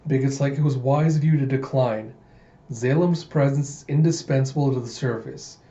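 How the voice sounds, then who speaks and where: A man's voice: mid-range voice, moderate pace, natural voice. A man voicing a stern male commander in a manga readthrough, in his plain reading voice. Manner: plain reading voice, flat delivery. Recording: muffled, roomy home recording.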